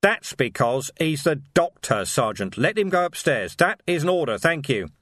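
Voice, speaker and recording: A worn-out, gruff police commander, read by a male narrator, terse and urgent. Close, dry storybook reading with a lively lilt. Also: on the high side, normal speed, no echo, pitched above the performer's own voice. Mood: strained.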